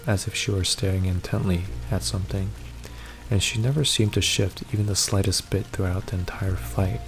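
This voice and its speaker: A man narrating a first-person horror story in a steady, measured reading. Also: on the low side, gravelly.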